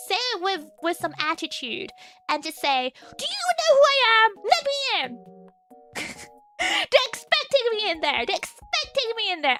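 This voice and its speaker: Her voice is extremely high, bright and forceful. She's a young virtual streamer in casual chat, laughing often between phrases and repeating her words as she talks.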